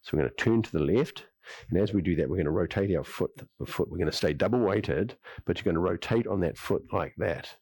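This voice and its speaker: A man with an Australian accent and a low, husky, darkish voice speaks a little fast, with no room sound. Teaching qigong, he guides breathing and moves, then rambles on about his theories, often repeating words and saying "yep".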